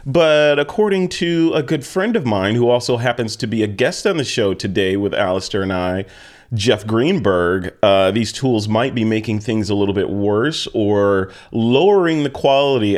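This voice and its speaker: A man hosting a casual podcast, animated and quick to laugh, often restarting his sentences. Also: on the low side. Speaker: podcast host.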